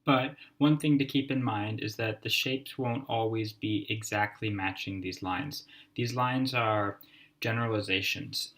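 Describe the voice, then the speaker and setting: A man narrating a screen-recorded tutorial, explaining calmly and step by step. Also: fairly low pitch. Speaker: language instructor.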